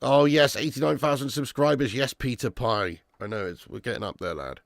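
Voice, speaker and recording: A man hosting a live football watch-along, calling the play and reading chat, excitable and swearing freely. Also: mid-range voice, fairly quick, vocal fry, no echo, clean studio sound. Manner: excitable, swears, jumps from play calls to chat shout-outs. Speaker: fan channel host.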